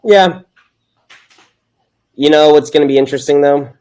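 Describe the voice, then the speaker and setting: A man's voice: fairly high pitch, moderate pace, warm tone. Rambling young man reviewing a film. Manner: rambling, upbeat, laughs easily. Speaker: podcast co-host. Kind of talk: casual film-review chat.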